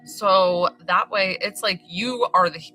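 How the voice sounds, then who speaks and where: A woman's voice: on the low side, takes it slowly, pushed and bright. A woman spiritual healer talking through a live-streamed remote healing session, chatty and rambling, full of fillers and reassuring affirmations. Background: faint music.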